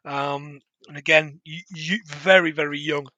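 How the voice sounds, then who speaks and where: A man's voice: fairly high pitch, steady tone, unhurried, pushed and bright, dry recording. A man chatting casually as a podcast co-host, rambling with frequent laughs and restarts. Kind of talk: casual film review chat.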